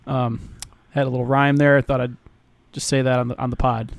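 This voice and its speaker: A man's voice: medium pitch, flat delivery, fairly quick, vocal fry, no echo. A man co-hosting a podcast, bantering and joking with frequent stammers. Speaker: podcast co-host. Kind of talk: casual podcast chat.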